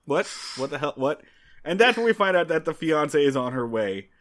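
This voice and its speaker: A man's voice: a little high, big pitch swings, moderate pace, fairly bright tone. A man co-hosting a podcast, recapping an old TV episode in casual chat, wry and exasperated, acting out characters' lines. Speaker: podcast co-host.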